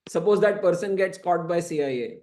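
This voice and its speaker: Lecturing a scripture class in a temple classroom, a man explains at length and keeps dropping in "you know" asides. His voice sits high with a dark tone, and he talks briskly.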